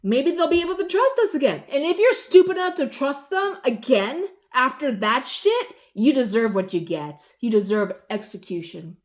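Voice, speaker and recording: A woman in her forties ranting casually, rambling and swearing, losing her train of thought and swinging between loud exasperation and low muttering. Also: very animated, moderate pace, hardly any pauses. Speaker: vlogger. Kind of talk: casual rant.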